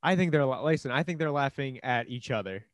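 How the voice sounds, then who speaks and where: A man's voice: mid-range voice, lively intonation, fairly quick, dry recording. A man from Queens co-hosting a podcast, chatting casually and teasing his co-host, getting heated when he defends his team. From Queens, New York. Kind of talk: casual chat.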